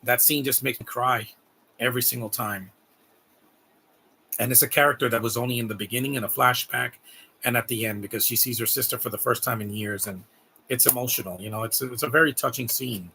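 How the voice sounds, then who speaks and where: A man's voice: medium pitch, steady tone, fairly quick, vocal fry, pushed and bright, a little hiss or hum. A man giving rambling, heartfelt live commentary on a movie, repeating words as he talks. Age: adult.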